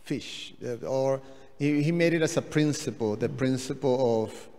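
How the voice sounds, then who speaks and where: A man adding a halting comment during a devotional class, pausing and restarting often. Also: mid-range voice, warm tone, long reverb tail. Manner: halting, many fillers and restarts. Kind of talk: hesitant spoken comment. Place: temple hall.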